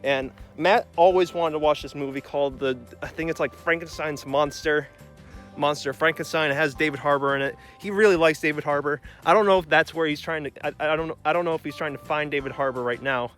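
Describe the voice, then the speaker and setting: A man's voice: on the high side, brisk, soft background music. Breathless young man hosting a podcast. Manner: mock-worried, rambling, calling out loudly. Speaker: podcast host. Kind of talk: comedic podcast intro.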